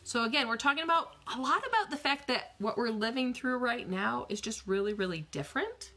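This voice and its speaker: A woman's voice: on the high side, brisk. A woman in her forties, a physical therapist, chatting casually on a live stream from her bedroom into a phone and answering viewer questions with frequent laughs. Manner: chatty, animated, laughs often, coaching tone. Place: bedroom at home.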